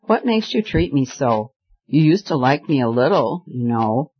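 A man reading the part of a moody, dogged young man pleading his case in a slow, earnest voice. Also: medium pitch, sing-song, breathy edge. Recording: slightly dull lo-fi recording.

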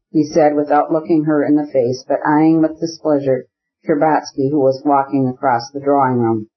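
A man narrates a classic novel in a steady, measured voice that sits a little high for a man. The sound is dull and lo-fi. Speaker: audiobook narrator. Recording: dull lo-fi recording.

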